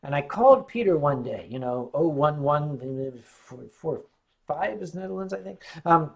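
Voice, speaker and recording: A man's voice: fairly high pitch, expressive, moderate pace, creaky, darkish tone. An American man hosting a casual livestream, telling rambling stories with frequent stammered restarts. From United States. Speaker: livestream host.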